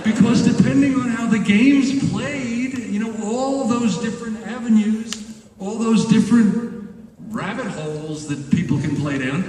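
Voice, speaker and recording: A man in his sixties, a voice actor guest at a convention panel, telling animated stories about studio work with laughs and acted-out exchanges, recorded from far off in a large hall. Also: sits high, unhurried, slight background noise. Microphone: handheld camera far from stage.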